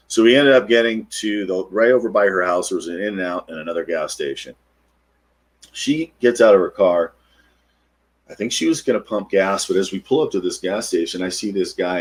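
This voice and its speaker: A middle-aged man, a podcast guest, retelling a personal encounter in an animated way and acting out the quotes. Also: deep voice, brisk, breathy edge. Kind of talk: storytelling interview.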